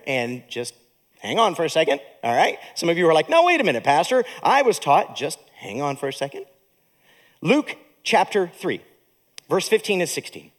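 A male pastor preaching with a high voice that swoops up and down, wide-ranging and animated. He reads scripture and makes joking asides to his congregation in a church. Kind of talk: sermon.

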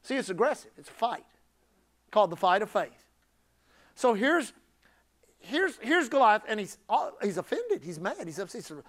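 A male pastor preaching a sermon emphatically, building up to shouted climaxes. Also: high voice, sing-song, normal speed, long pauses.

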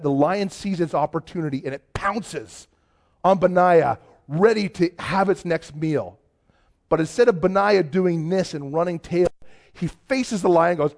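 A man preaching a sermon, telling a story with rising energy. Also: a little high. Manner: storytelling, builds from quiet to animated. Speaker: pastor.

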